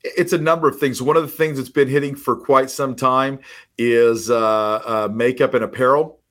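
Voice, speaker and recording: A man speaking as a podcast guest who coaches real estate agents, telling stories with lively acted-out dialogue. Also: mid-range voice, moderate pace. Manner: animated storyteller, acts out quoted dialogue. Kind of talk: casual podcast conversation.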